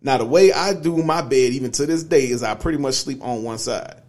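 A young podcast co-host casually tells a long personal story, laid-back and packed with fillers like "you know what I'm saying." His medium-pitched voice has a darkish tone and a brisk pace.

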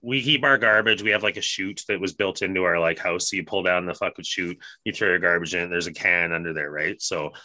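Low bright-voiced guy, swears a ton, tells stories all fired up, dry mic. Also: a little fast, hardly any pauses, no echo. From Canada. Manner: swears a lot, animated storytelling. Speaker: podcast host. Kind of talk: casual chat.

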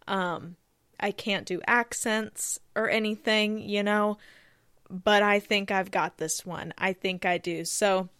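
A woman's voice: mid-range voice, a bit bright, clean tone, dry recording. A woman hosting her own podcast, chatting casually and rambling off topic while speaking close to a microphone. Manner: rambling, chatty, self-deprecating. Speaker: podcast host. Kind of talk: casual solo podcast chat. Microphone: close studio microphone.

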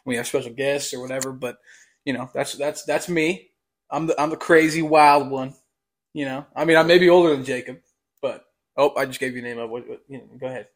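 A man's voice: mid-range voice, fairly even intonation, a little fast. A young man co-hosting a casual podcast chat, rambling and repeating his words with a slight stutter. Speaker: podcast co-host.

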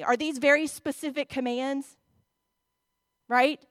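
A woman's voice: sits high, measured pace, no echo, studio quality. A woman, preaching a sermon in a church, reading scripture aloud and speaking expressively to the congregation.

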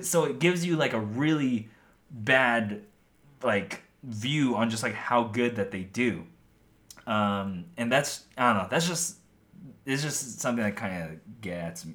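A man's voice: medium pitch, fairly bright tone. A young man hosting his own podcast in casual, rambling talk full of "like" and "um", his voice a bit worn as he is losing it. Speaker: podcast host.

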